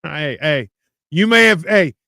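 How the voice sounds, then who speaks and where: A man co-hosts a relaxed podcast, talking in loose, rambling stretches full of jokes and restarts. His voice sits somewhat high for a man. The sound is dry and close, with no room around it. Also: measured pace, creaky, dry recording. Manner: rambling, joking, self-interrupting. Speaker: podcast co-host. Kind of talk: casual podcast chat.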